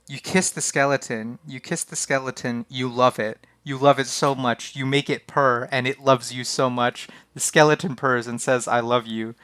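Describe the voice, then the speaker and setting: Bright, crisp-voiced young male streamer. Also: mid-range voice, dry recording. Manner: laughing, flustered, reads the game text aloud. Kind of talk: casual live-stream commentary.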